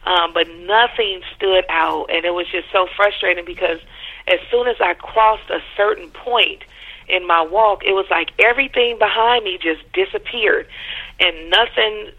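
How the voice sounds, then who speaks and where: A caller calmly retelling a dream in casual speech, often pausing with fillers and restarting sentences. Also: medium pitch. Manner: hesitant, with frequent fillers and restarts. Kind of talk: casual spoken storytelling. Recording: narrow telephone line.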